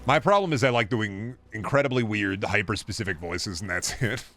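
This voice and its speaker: A man's voice: on the low side, brisk, fairly bright tone, slight background noise. A man streaming a game, chatting casually and joking around with his chat, swearing freely. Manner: joking, swears, riffs on impressions. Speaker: gaming streamer.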